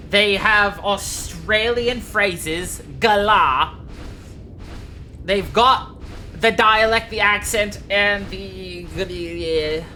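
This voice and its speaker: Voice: medium pitch, sharp tone, a little hiss or hum. A game streamer giving casual, joking, self-mocking commentary and swearing freely. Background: game music.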